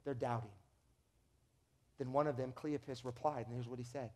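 A pastor preaching a sermon, telling stories in an animated way, acting out quotes and often restarting his sentences. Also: medium pitch, normal speed. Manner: animated storytelling with acted quotes and repeated restarts.

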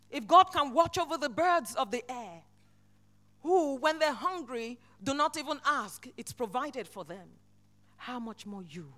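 A woman preaching a sermon in church, swinging between loud, impassioned exhortation and soft, hushed lines. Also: high voice, expressive, unhurried.

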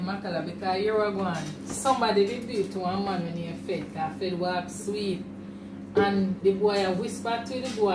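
A woman with a Jamaican accent chatting casually in patois, chiming in and finishing the storyteller's sentences. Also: medium pitch. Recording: distant, roomy, with background noise.

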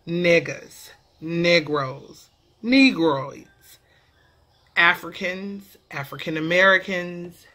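A woman vlogger explaining her way of talking in a casual comedic vlog, with animated, profane, playful banter. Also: on the low side.

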